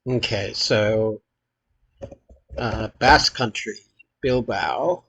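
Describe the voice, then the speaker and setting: Very slow, halting man. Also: fairly low pitch, gravelly, fairly bright tone, breathy edge, poor audio. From United States. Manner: hesitant, halting, frequent filler pauses. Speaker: channel host playing a geography quiz. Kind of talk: thinking-aloud quiz commentary.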